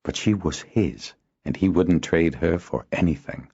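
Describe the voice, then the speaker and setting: A man reading an audiobook aloud as narrator, in a steady storytelling delivery. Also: low-pitched, a little slow, vocal fry, husky, highs cut off. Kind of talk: scripted narration.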